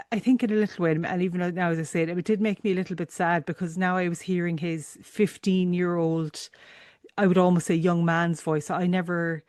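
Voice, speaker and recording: A middle-aged woman, hosting a podcast and telling a personal story in a halting, emotional way, often tearful. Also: on the low side, a little mellow, dry recording, studio quality. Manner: emotional, halting, with many restarts. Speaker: podcast host.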